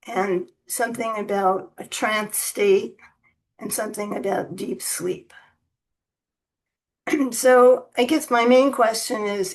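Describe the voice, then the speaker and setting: A woman's voice: mid-range voice, slightly rough, poor audio. A woman at a satsang asking the teacher a question, hesitant and searching for words.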